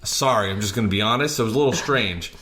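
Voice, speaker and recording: A man's voice: fairly low pitch, rapid-fire. Chatty man telling delivery stories. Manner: animated anecdotes, breaks into singing. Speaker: podcast host and delivery driver. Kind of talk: casual storytelling chat.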